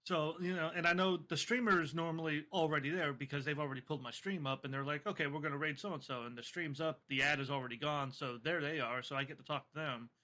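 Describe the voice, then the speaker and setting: A man's voice: on the high side, fairly even intonation, fast, few pauses, pushed and bright. A man speaking as a podcast guest in casual chat, laid-back and offhand with some swearing.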